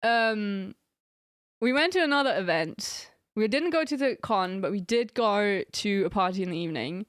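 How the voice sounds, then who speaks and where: A woman's voice: mid-range voice, animated, moderate pace, smooth, no room sound. Giggly young woman streamer, dry sound. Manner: giggly, rambling storytelling. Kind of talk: casual chat with stream viewers.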